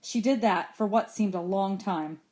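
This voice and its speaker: A woman teacher reading a novel chapter aloud to her students, expressive and lifting her voice for the characters' lines. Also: medium pitch, measured pace.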